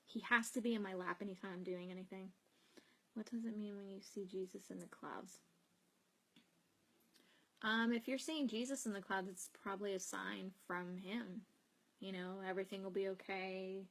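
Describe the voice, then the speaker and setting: A chatty young woman talks casually on a home live stream, picking up viewer comments as she goes. Her pitch sits in an ordinary middle range, and she rambles freely and laughs easily between thoughts. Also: fairly even intonation, moderate pace. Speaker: psychic host answering live comments. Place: home, with cats nearby.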